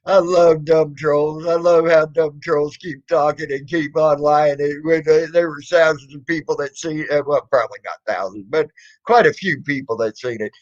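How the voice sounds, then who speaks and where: A man's voice: fairly high pitch, fairly even intonation, moderate pace, highs cut off. A man ranting on a casual stream, mocking and sarcastic, swearing and laughing often. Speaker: streamer responding to trolls.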